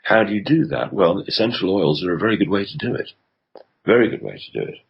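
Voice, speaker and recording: A man's voice: fairly low pitch, expressive, quick pace, creaky, breathy edge, muffled recording. A male health consultant answering interview questions on the radio, explaining in a hesitant way with frequent ums and restarts.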